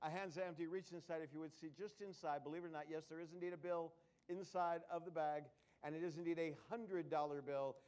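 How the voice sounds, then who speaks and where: Over loud music, a man with a high, light voice keeps up joking patter with a showroom audience during a live comedy magic act. He rattles off quick jokes and banter and talks everyone through each trick as he performs.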